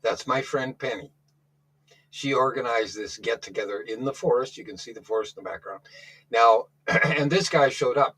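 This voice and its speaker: A man's voice: mid-range voice, a bit bright, husky, poor audio. A man calling in to a talk show, telling a rambling story in a casual way, often restarting his sentences. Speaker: caller.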